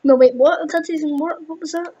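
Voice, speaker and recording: High-voiced excitable teen girl gamer. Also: moderate pace, highs cut off. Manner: excitable, rambling, full of fillers. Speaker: gaming video host. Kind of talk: live gameplay commentary.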